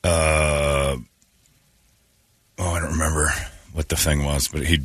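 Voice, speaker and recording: Man, middle-aged, radio host, sarcastic joker, very deep, husky, dry close studio mic. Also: measured pace, no echo. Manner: joking, sarcastic, animated delivery. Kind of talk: casual morning show banter. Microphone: studio microphone.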